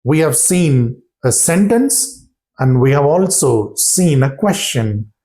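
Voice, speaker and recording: Slow, mellow-voiced teacher, man. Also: medium pitch, very animated. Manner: repeats phrases and checks understanding with "got it?". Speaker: English pronunciation teacher. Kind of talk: slow, deliberate classroom explanation.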